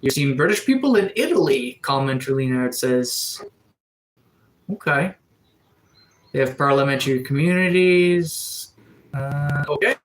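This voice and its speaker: A man's voice: on the high side, expressive, unhurried, long pauses, slight background noise, poor audio. A man from Atlantic Canada with a cold, casually reading out and answering chat comments on a live stream. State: has a cold. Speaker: livestreamer. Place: sunroom.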